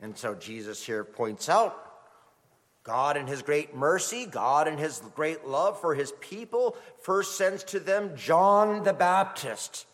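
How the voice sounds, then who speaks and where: A middle-aged man preaching a sermon as a pastor, telling stories in an animated way. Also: on the high side, takes it slowly. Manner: animated storytelling, acts out quoted voices. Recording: long hall reverb.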